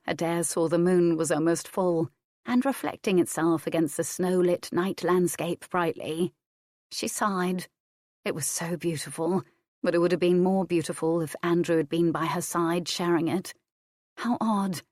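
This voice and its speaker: A woman narrating an audiobook in a low, steady voice. Her reading is measured and even, and the recording is dry and close, with no room sound. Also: dry recording. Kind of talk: scripted narration.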